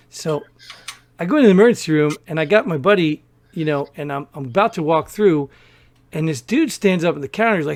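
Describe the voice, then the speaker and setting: A man, podcast co-host, casually telling a story and acting out the people in it. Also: a little high. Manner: animated storyteller, acts out quoted people.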